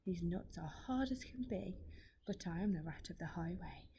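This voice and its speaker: A woman whispering as a greedy highway rat robber. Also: lively intonation, moderate pace, slight background noise. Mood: whispered menace. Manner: hushed, half-whispered menace.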